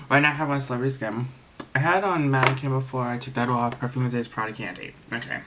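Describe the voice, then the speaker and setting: Tired man talking low, gossipy. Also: expressive, brisk, pushed and bright, a little hiss or hum. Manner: rambling, gossipy, many fillers. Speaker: TV episode reviewer. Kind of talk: casual recap vlog.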